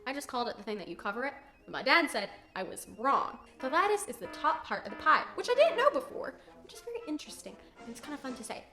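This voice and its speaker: Chatty teen girl doing a cooking video, kinda high voice, roomy echo and soft music behind. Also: very animated, fast, few pauses. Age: teens. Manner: bubbly and joking, chatty asides. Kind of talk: casual cooking tutorial.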